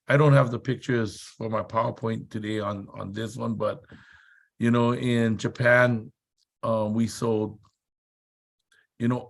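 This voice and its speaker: A man's voice: mid-range voice, gravelly. A man speaking at a seminar, telling a motivational story with emphatic, repetitive build-ups and dramatic delivery. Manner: dramatic, acts out shouted quotes.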